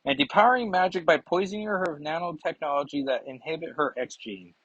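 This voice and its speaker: A man's voice: mid-range voice, lively intonation, brisk, few pauses, fairly bright tone, husky, dry recording, dull audio. A man reviewing comics in casual chat, rambling and digressive with many fillers.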